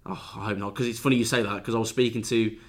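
A football reporter talks in a low, flat voice, quick but halting, with restarts and fillers. He sounds casual. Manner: hesitant, with many ums and restarts. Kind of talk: casual chat.

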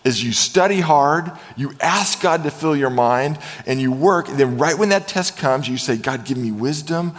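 A middle-aged man preaching a sermon as a pastor, telling stories with lively animation and acting out quoted voices. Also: fairly high pitch, moderate pace, few pauses, in a large hall.

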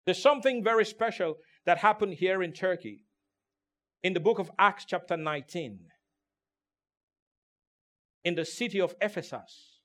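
A man preaching a sermon as pastor. He is emphatic, calls out for responses from the congregation, and swings from hushed to loud delivery. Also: high-pitched, normal speed, long pauses. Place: church in Turkey.

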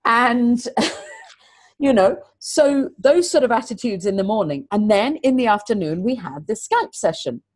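A middle-aged woman, a teacher, talking earnestly in an interview and telling stories with lively, repeated emphasis. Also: a little high, unhurried, no room sound. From England. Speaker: teacher and guest. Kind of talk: conversational interview.

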